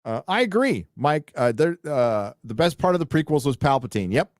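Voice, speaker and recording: A middle-aged man hosting a casual late-night livestream, rambling, swearing and excitedly reading viewer donations aloud. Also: medium pitch, normal speed, dry recording, clean studio sound. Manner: rambling, profane, excitable, reads donor messages aloud. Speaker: livestream host reading super chats.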